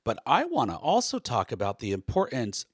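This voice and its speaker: A man's voice: medium pitch, wildly swooping pitch, moderate pace, breathy edge, no echo, studio quality. An American man hosting a solo podcast, talking in a loose, conversational way with many fillers and restarts. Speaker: podcast host.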